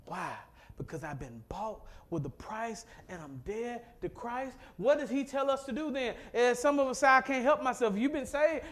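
A middle-aged man from Mississippi delivers a sermon in a strikingly high voice. He leads the congregation in call-and-response and swells from quiet, low asides to loud, fervent exhortation. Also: normal speed. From Mississippi, USA. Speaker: pastor.

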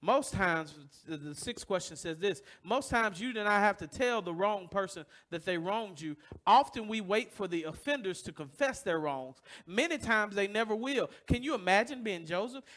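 A man's voice: high-pitched, lively intonation, normal speed, hardly any pauses. A man preaching a sermon to his congregation, telling a personal story and asking rhetorical questions, acting out other people's voices along the way. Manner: acts out voices in stories, loud bursts. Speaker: pastor. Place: church.

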